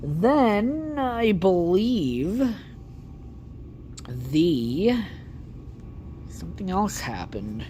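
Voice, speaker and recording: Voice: medium pitch, very animated, very slow, pauses often, background noise. Podcast host rambling through a movie plot, swears a ton, lots of uh and like. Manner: rambling, heavy swearing and filler words. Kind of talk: casual rambling movie recap.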